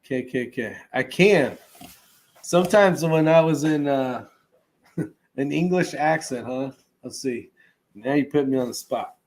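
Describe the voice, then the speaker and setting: A man hosting a relaxed livestream, reading viewer comments aloud and chatting loosely with plenty of fillers and chuckles. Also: medium pitch, unhurried. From California. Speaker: host reading live chat. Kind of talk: casual livestream chat.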